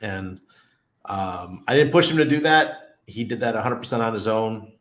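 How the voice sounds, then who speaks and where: A man's voice: fairly low pitch, animated, moderate pace, a bit bright. A middle-aged man hosting a casual crypto live stream, chatty and laid-back, often laughing as he reads the chat aloud. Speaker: crypto livestream host.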